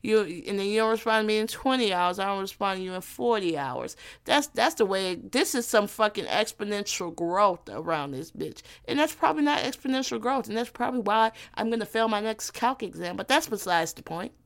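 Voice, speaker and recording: A young woman from Gary, Indiana, hosting her own podcast in a brash, profane, teasing comedic monologue. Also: medium pitch. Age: young adult. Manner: brash, profane and animated, quick to tease. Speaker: podcast host.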